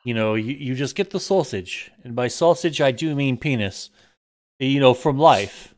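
Excitable man streamer, very lively pitch. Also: moderate pace. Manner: excitable, swearing, prone to sudden yelling outbursts. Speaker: game streamer. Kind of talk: casual live-stream chat while gaming.

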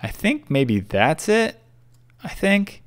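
Young male gaming host, chatty and rambling, trips over words, animated pitch. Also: takes it slowly, clean tone. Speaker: gaming YouTuber. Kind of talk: casual Minecraft build commentary.

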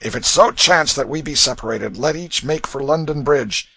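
A man reading aloud, voicing a rough, brutal middle-aged father who barks and growls orders in archaic speech. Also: mid-range voice, normal speed, pushed and bright, no room sound, pitched above the performer's own voice, heavily acted. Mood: commanding.

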